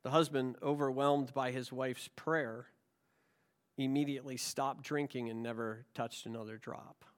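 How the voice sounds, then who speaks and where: A man's voice: mid-range voice, steady tone, a little slow, smooth. A man pastor preaching a sermon in a conversational way, telling anecdotes and asking rhetorical questions, recorded in a church.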